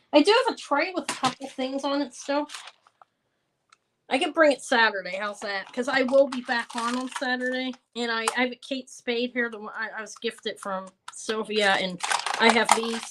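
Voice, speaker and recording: A woman's voice: on the high side, noisy background. Chatty woman in her fifties selling jewelry. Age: 50s. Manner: rambling, chatty, answers viewers between items. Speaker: live jewelry seller. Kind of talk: casual live-stream sales chat.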